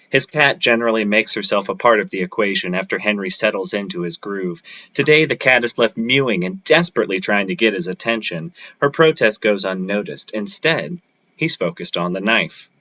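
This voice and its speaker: A man with a lowish voice reads a short story at an open mic, keeping a steady, measured pace. His tone is bright and forward. The sound is dull and lo-fi, like a livestream. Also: dry recording. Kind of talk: reading his own short fiction aloud.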